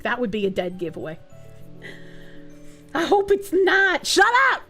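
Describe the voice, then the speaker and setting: A woman from New England with a Boston-area accent, reading chat on her stream, swearing loudly and breaking into shrieking laughs. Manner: loud, swearing, bursts into high laughing shrieks.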